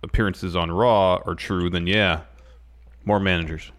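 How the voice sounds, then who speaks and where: Deep-voiced laid-back male podcast host. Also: fairly even intonation, a little slow, a bit bright. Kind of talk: casual wrestling podcast chat.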